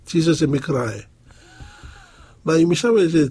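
A man preaches a sermon in a slow, husky voice. He halts often, filling the gaps with short pauses before he goes on. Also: a little high, animated, a little mellow. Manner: halting, with frequent pauses and fillers.

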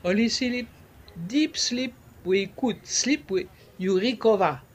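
A man talks in a casual interview, slipping in French words and pausing to find the right ones. His voice sits high, and a faint noise hums behind him. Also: lively intonation. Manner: searching for words, many fillers. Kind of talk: casual conversation.

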